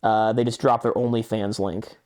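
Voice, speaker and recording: A man's voice: lowish voice, flat delivery, moderate pace, a little mellow. Young man telling a rambling story. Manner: rambling storytelling, acts out chat messages, swears often. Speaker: podcast co-host. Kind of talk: casual chat.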